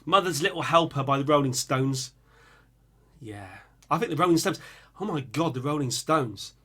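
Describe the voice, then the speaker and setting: Bright, lively young man. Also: fairly high pitch, moderate pace, breathy edge. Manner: animated, bursts into singing and screaming riffs. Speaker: music reaction channel host. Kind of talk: casual chat reading viewer picks.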